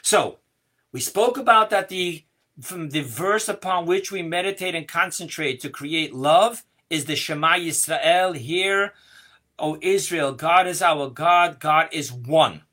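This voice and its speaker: Slow, bright-voiced man teaching mysticism. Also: on the high side. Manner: slow, deliberate explaining with rising emphasis. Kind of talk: Kabbalah lesson.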